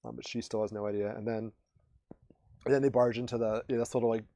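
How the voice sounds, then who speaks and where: A man's voice: medium pitch, level tone, fast talker, dark tone, no room sound. Rambling male podcast co-host. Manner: rambling with many restarts and fillers. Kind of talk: casual chat, recapping episodes.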